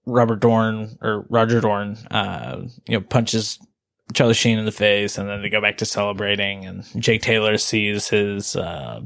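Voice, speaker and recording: A man hosts a casual movie podcast in a lowish, gravelly voice. He rambles with many fillers, restarts and soft trailing asides. The recording is dry and close. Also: little pitch movement, measured pace, no echo. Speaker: podcast host.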